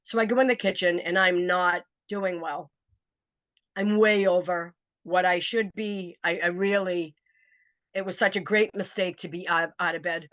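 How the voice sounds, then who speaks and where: A woman telling a personal story in a casual interview, animated and acting out what other people said. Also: on the low side, normal speed, dry recording. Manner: animated, acts out quoted voices. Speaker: author telling her story. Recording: dry, slightly dull recording.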